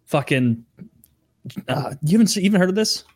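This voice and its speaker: A man's voice: high-pitched, lively intonation, normal speed, dry recording, clean studio sound. A man in casual podcast chat, insistent and emphatic, swearing freely as he explains.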